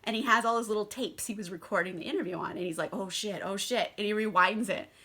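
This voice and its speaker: A woman's voice: mid-range voice, quick pace, pushed and bright, breathy edge. A young woman recapping a book in a chatty, casual vlog, swearing freely and using many fillers. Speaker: book vlogger.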